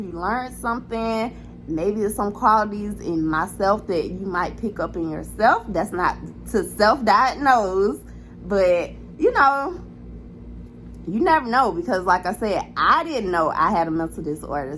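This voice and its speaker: A woman's voice: mid-range voice, fairly bright tone, slight background noise, low-quality recording. A young adult woman talking candidly to her camera in a casual vlog, frank and chatty with some swearing. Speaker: vlogger.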